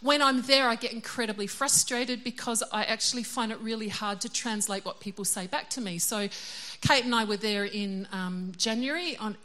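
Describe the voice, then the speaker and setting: A woman's voice: mid-range voice, fairly bright tone. A middle-aged woman giving a casual, chatty sermon. She is self-deprecating and laughs often. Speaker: preacher.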